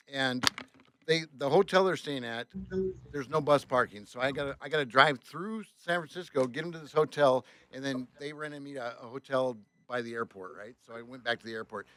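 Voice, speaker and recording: A man telling a story as a tour bus driver on a podcast, animated, swearing often and acting out the other voices. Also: mid-range voice. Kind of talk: casual storytelling.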